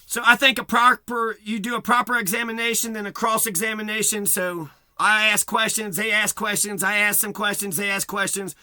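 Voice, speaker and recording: A man's voice: high voice, flat delivery, moderate pace, hardly any pauses, sharp tone, no echo, clean studio sound. A man delivering a profane, agitated rant to camera, repeating himself and swearing heavily. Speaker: vlogger.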